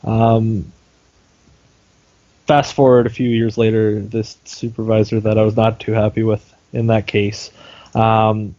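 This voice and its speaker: A man's voice: fairly low pitch, flat delivery, a little slow, mellow. A young man co-hosting a podcast, telling a long story in a casual, rambling way with lots of fillers and the odd swear word. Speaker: podcast co-host. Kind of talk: casual chat. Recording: dull lo-fi sound with faint noise.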